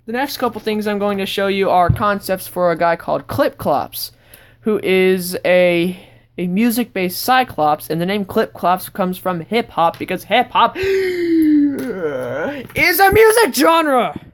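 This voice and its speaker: A woman vlogger giving a casual, rambling tour of her sketchbook, breaking into sudden excited outbursts. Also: on the low side, moderate pace.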